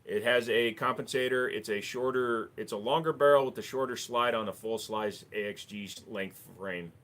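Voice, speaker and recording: A man's voice: medium pitch, moderate pace, a bit bright. A man hosting a live stream, answering viewer questions with dry jokes. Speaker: livestream host. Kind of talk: casual live Q&A chat.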